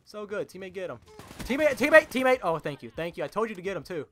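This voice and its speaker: A young man giving jumpy, excitable live commentary over his own gameplay, filling his talk with "like" and calling out to his teammates. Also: sits high, very fast. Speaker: gaming channel host.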